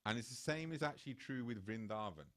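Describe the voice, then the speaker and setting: A man's voice: medium pitch, quick pace. A man giving a temple talk, telling a devotional story and acting out the characters' voices. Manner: animated, acts out quoted voices. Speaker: temple speaker. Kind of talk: sermon storytelling.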